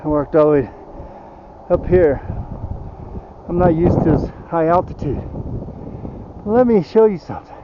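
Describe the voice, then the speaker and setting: A man's voice: a little high, animated, measured pace, pauses often, dull audio, noisy background. Rambling older man vlogging outdoors. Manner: rambling, folksy, trails off. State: out of breath. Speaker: van-life vlogger. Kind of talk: casual vlog talk. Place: outdoors in the mountains.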